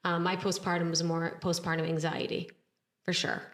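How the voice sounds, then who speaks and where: A woman's voice: lowish voice, flat delivery, normal speed. A woman sharing her own experience openly and reflectively. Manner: open, reflective. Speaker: podcast co-host. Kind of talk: casual personal sharing. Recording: echoey room.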